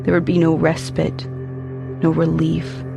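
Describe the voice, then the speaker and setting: A man's voice: on the high side, monotone, measured pace, creaky. A man giving an intense, brooding first-person narration for an audio drama, over faint background music. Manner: intense, brooding, haunted storytelling.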